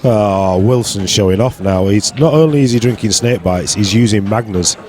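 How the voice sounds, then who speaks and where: A man's voice: on the low side, moderate pace, darkish tone. Bantering British pool commentator, man. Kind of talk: casual live commentary. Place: pub venue.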